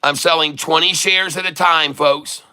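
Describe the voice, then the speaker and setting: Bright-voiced man telling rambling stories. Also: on the high side, fairly even intonation, moderate pace, smooth. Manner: rambling, chatty anecdote telling with many restarts. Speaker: livestream day trader and channel host. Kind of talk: casual livestream storytelling.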